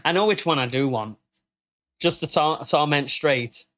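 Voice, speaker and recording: A man from the United Kingdom hosting a casual live podcast, joking and laughing, now and then breaking into silly high-pitched quoted voices. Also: measured pace, a bit bright. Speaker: podcast host.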